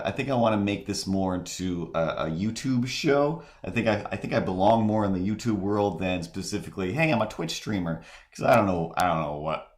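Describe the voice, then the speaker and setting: A man hosting a live stream, chatting casually and rambling with many halting restarts and fillers. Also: deep voice. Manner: mimics voices in quoted asides. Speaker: streamer and host.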